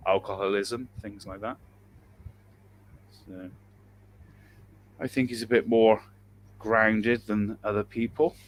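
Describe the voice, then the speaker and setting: A man's voice: on the low side, steady tone, slow, pauses often, slight background noise. A man in a casual group chat on a call, blunt and joking, swearing freely. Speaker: chat participant.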